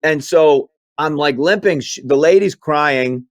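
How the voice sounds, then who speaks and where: A comedian from Maine telling animated stories in an interview, acting out other people's voices as he goes. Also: a little high, measured pace, dry recording. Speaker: comedian guest. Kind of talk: storytelling interview chat.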